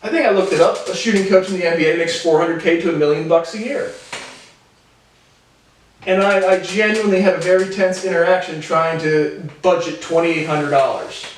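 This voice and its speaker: A man in his twenties giving a rambling, profane personal monologue to camera, jumping between animated tangents. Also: a little high, fairly quick, a little hiss or hum. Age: 20s. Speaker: vlogger. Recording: very echoey room, voice far from mic.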